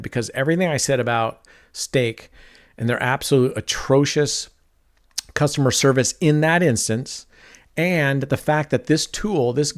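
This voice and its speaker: A middle-aged man streaming online roulette, talking casually and at length while he plays. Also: mid-range voice. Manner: talkative, rambling, self-described mellow.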